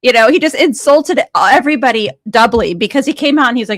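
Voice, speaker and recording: A young woman co-hosting a talk show, animated and mocking, laughing easily and slipping into impressions. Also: fairly high pitch, fast, few pauses, no room sound. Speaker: co-host. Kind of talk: casual conversation.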